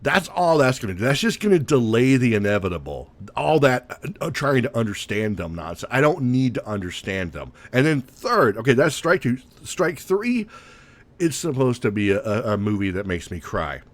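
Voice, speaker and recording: A grown man hosting a podcast, ranting with animated exasperation. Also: mid-range voice, normal speed. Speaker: podcast host. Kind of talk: casual rant.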